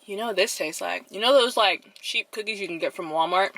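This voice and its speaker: A young woman vlogging from her car in a chatty, animated way, with dramatic reactions. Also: medium pitch, fairly quick. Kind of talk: casual chat. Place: inside her parked car. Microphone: camera.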